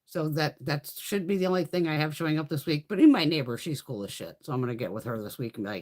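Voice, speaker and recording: A woman hosts a casual makeup livestream, bluntly telling stories laced with plenty of swearing and reading out viewer comments. Her low-pitched, expressive voice runs fast, with hardly any pauses.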